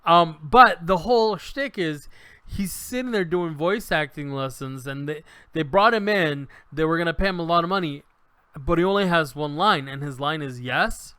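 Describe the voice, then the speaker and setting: Bright, animated storytelling man. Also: on the high side, moderate pace, smooth, no room sound. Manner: animated storyteller, acts out quotes, many restarts. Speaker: podcast co-host reviewing a show. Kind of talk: casual chat.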